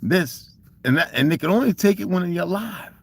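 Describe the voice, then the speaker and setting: A man's voice: high voice, lively intonation, brisk, husky, dry recording. A man with a Southern US accent ranting casually and profanely on a livestream, emphatic and laughing often. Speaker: livestream host. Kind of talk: casual rant.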